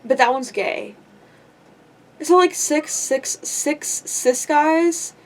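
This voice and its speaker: A woman's voice: high-pitched, extremely slow. Rambling young woman, storytime vlog. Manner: rambling, giggly, lots of likes and ums. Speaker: vlogger.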